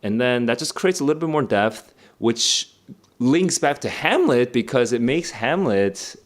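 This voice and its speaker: A man's voice: mid-range voice, lively intonation, measured pace. A young man streaming a live read-along of a play, thinking aloud with many fillers and restarts.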